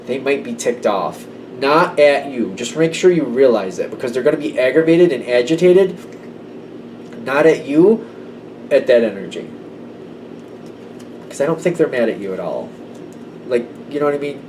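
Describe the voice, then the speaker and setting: A man's voice: mid-range voice, lively intonation, moderate pace, long pauses, a little mellow, far from the mic, a little hiss or hum, rough recording. A man giving a casual tarot reading to camera, conversational and emphatic. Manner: conversational, emphatic, slips into quoted voices. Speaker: tarot reader.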